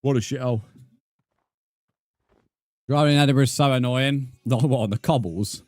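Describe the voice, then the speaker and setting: A man's voice: medium pitch, moderate pace, a little mellow, no echo. A British man chatting casually while livestreaming a game, swearing freely and muttering counts under his breath. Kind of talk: casual gaming livestream chat.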